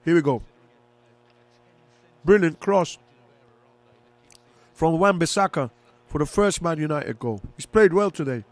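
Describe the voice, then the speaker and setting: A fairly high-pitched man calls a football match live like a fan, chatty and quick to get excited over each attack. His voice sits close and dry, with no room sound around it. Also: no echo. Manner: casual, excitable, rooting for one side. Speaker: fan commentator. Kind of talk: live match commentary and reaction.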